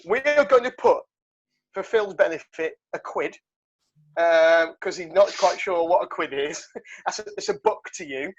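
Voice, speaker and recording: A man hosts a podcast in easy banter, rambling and restarting mid-sentence with plenty of ums. His voice sits high. The sound is dull and lo-fi. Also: moderate pace. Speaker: podcast host. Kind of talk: casual banter.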